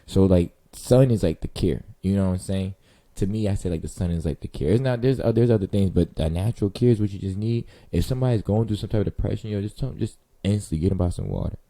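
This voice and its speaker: Fast-talking man with a deep, dark voice. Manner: rambling, slangy, profane, talks straight to the listener. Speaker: vlog host. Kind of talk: casual monologue to camera.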